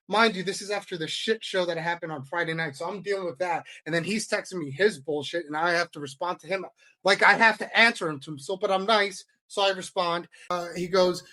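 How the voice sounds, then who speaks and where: A man's voice: high voice, fairly bright tone. A male pro wrestler in a heated, sarcastic, profane rant straight to the camera. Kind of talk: angry direct-to-camera rant.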